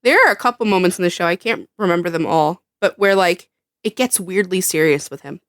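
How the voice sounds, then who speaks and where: A woman's voice: lowish voice, fairly quick, fairly bright tone, no room sound, studio quality. A woman co-hosting a podcast in casual chat, blunt and emphatic, swearing freely. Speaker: podcast co-host.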